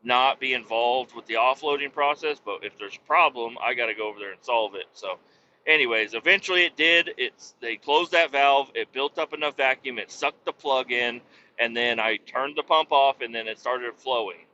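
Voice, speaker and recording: A man's voice: medium pitch, normal speed, pushed and bright. A man telling a story in a rambling, profane, exasperated way, as host of a casual podcast. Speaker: podcast host and vac truck operator. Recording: dull lo-fi sound with faint noise.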